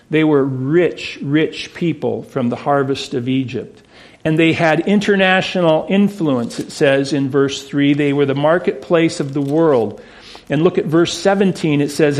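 Male pastor, somewhat high voice, earnest preaching delivery with hushed reverent turns. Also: unhurried. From United States. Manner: earnest, rising to emphatic, dropping to hushed awe. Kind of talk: sermon.

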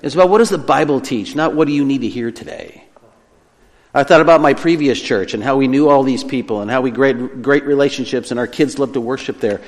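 A man preaching a sermon as pastor, earnest, slowing and softening when he voices God's words. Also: medium pitch. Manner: earnest preaching, slows down and drops quieter for quoted words of God. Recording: long hall reverb.

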